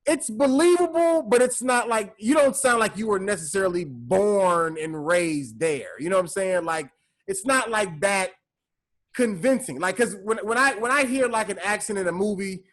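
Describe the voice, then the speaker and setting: High-voiced rambling man. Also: expressive, normal speed, a bit bright. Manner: rambling, repeats words and says "you know what I'm saying". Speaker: podcast co-host. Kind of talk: casual film discussion.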